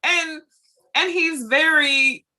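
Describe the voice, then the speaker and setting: A woman's voice: sits high, extremely slow, bright, forceful tone. A woman hosting a casual conversation, telling a personal story in a chatty way and mimicking what others said. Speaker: host. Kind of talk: casual chat.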